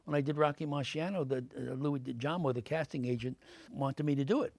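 An older man, an actor answering interview questions with lively anecdotes full of fillers, in a TV studio. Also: medium pitch, fairly quick, gravelly, no echo. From Brooklyn, New York. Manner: animated anecdotes, many fillers, acts out quoted voices.

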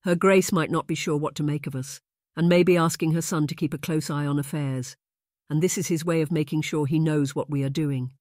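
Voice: mid-range voice, fairly even intonation, brisk, darkish tone, dry recording, close to an everyday voice. A narrator playing a timid young lady who is easily hurt, in a plaintive, slightly raised voice. It sounds close and dry, read as an audiobook character. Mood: eager.

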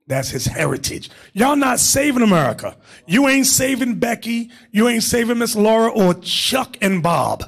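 A man's voice: very high-pitched, lively intonation, normal speed, creaky, breathy edge. A man teaching a Bible class in an emphatic preaching manner, calling on readers and staff between points.

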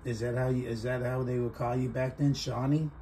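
A middle-aged man talks straight to the camera in a loose, taunting vlog. His voice is mellow and dark, and he keeps needling with "there" and "huh." A faint hum sits behind him. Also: mid-range voice, little pitch movement, fairly quick. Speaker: vlogger. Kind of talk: casual taunting monologue.

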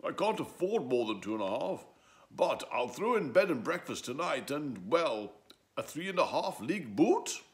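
A man voicing an excitable, fussy small-time male wizard in a storybook. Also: fairly high pitch, moderate pace, voice pushed up.

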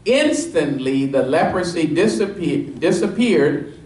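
Male pastor, fairly high voice, energetic call-and-response sermon, distant mic in a roomy sanctuary. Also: measured pace. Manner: call-and-response preaching, quizzing the congregation; energetic and emphatic, rising in pitch as he drives points home. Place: church sanctuary. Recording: echoey room, mic at a distance.

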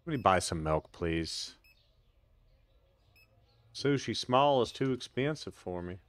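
A man with a low voice talks loosely through his gameplay on a live stream, reacting to the game and chatting with his viewers. He slips into dry, sarcastic asides. The sound is close and dry, with no room around it. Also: lively intonation, measured pace, no room sound. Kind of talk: casual live gameplay commentary.

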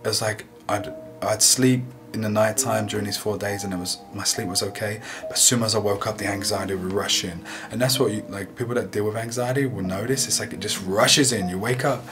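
A man sharing a personal faith testimony in an earnest, emotional, halting way. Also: on the low side, steady tone. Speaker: guest sharing a healing testimony. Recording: music playing underneath.

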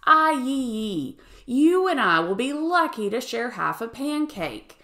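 A woman voicing a patient village mother in a storybook read-aloud, gently teasing and a little exasperated. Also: a little high, sing-song, slow pace, pitched above the performer's own voice, heavily acted.

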